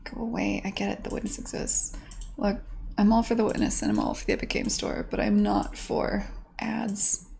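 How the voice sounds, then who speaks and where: A woman indie game developer chatting casually with her live-stream viewers, excitable and swearing freely as she mutters to herself. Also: medium pitch, fast talker, gravelly, a little hiss or hum.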